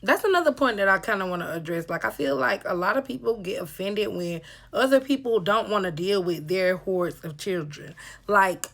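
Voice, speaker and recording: A woman's voice: mid-range voice, lively intonation, moderate pace, a bit bright. A woman giving opinionated reaction commentary in a lecturing, casual way.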